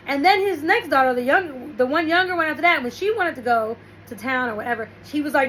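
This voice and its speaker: A woman's voice: high voice, expressive, quick pace, hardly any pauses, a bit bright, slight background noise, low-quality recording. A woman host talking casually and rambling through a story while giving relationship and self-help advice. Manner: rambling, restarts, storytelling with quoted asides.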